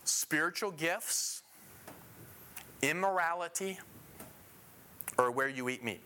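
A man with a fairly high, bright and forceful voice teaches scripture verse by verse. He leans on repeated phrases for emphasis. He puts questions to his listeners and then answers them himself. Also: slow, slight background noise. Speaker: Bible teacher.

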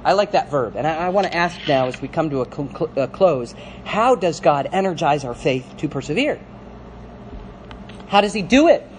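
A pastor preaching a sermon, swinging between hushed, slow lines and forceful, emphatic ones. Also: male voice, on the high side, animated, a little hiss or hum.

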